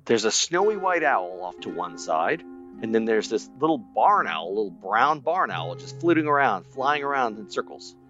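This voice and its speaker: A man's voice: fairly low pitch, lo-fi sound. Guy running a tabletop game, voice bouncing up and down, bit of music in the back. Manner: lively, descriptive narration. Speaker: game master.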